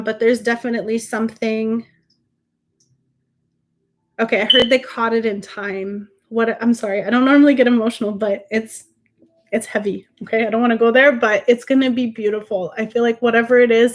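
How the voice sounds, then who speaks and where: A woman hosts a live tarot reading in a slightly high voice. She talks in halting bursts, often starting over mid-sentence, and comforts her viewers as honey and sweetheart. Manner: emotional, reassuring, addresses viewers as honey and sweetheart. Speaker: tarot reader and livestream host.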